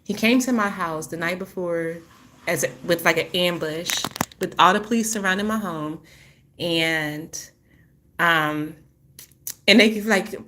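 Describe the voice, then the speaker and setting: A woman vlogger telling a painful personal story in a halting, emotional way, full of restarts, then turning to encouragement for her viewers. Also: fairly low pitch, background noise. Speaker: spiritual healing vlogger.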